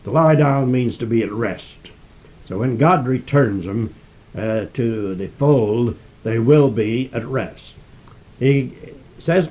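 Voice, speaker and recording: A man preaching through scripture passages in a measured, emphatic way, pausing to stress key words. His voice sits at an ordinary middle pitch. The recording sounds muffled and lo-fi. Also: dark tone. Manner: reads scripture aloud, then explains it in a measured, emphatic way. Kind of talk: sermon-style Bible teaching.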